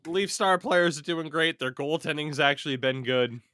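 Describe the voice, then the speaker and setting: A man's voice: a little high, moderate pace, pushed and bright, dry recording. A man hosting a casual sports chat, reading out hockey news and swearing freely. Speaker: podcast host.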